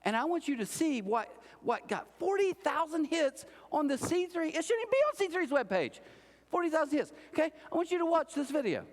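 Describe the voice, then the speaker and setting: A man's voice: very high voice, very animated, brisk, long reverb tail. A man preaching a sermon as pastor, telling a story in a joking, self-mocking way. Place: large church auditorium.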